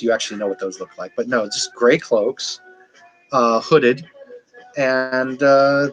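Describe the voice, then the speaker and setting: A man's voice: mid-range voice, low-quality recording. A man narrating a tabletop game as game master, rambling and descriptive with frequent fillers.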